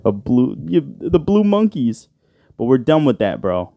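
In a sing-song, mid-range voice at a measured pace, a man hosts his podcast alone, rambling and joking with frequent swearing and plenty of "bro." He talks into a side-address studio mic, and the recording is dry and lo-fi.

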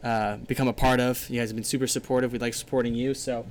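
A man's voice: mid-range voice, level tone, quick pace, slight background noise. A man co-hosting a casual livestream podcast, joking and hyping up his audience. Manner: joking, hype-building. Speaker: podcast co-host.

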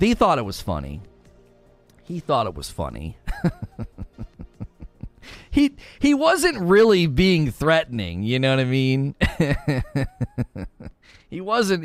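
A young adult man streaming a game, talking casually with his chat, laughing often and greeting viewers. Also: mid-range voice. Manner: animated, laughs often, reads chat aloud.

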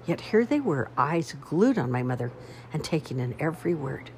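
A woman narrating a storybook in a wry, expressive first-person manner. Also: sits low, moderate pace, a little hiss or hum. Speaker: audiobook reader.

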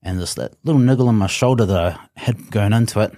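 A man, a strongman telling his competition story in an interview, animated and swearing often. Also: lowish voice, quick pace, dry recording. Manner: animated, swears often, acts out his own past thoughts. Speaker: guest, strongman athlete.

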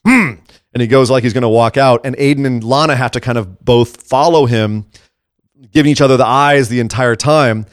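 A male podcast co-host with a mid-range voice chats casually at a moderate pace, recapping wrestling with energy and acting out what people said. The recording is clean studio sound with no echo.

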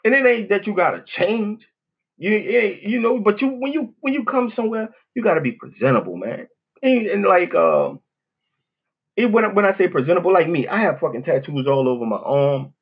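A man's voice: high-pitched, big pitch swings, brisk, slightly rough, dull audio. A man with a New Orleans accent, hosting a podcast as a casual, profane monologue, blunt and rambling with frequent "you know what I'm saying". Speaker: podcast host.

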